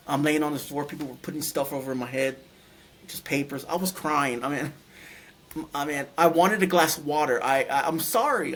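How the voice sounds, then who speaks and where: Male interview guest with a somewhat high voice; halting, emotional telling, stumbles and repeats himself. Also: fairly bright tone. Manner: halting, many restarts and repeated words. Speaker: guest sharing a near-death experience. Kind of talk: emotional personal account.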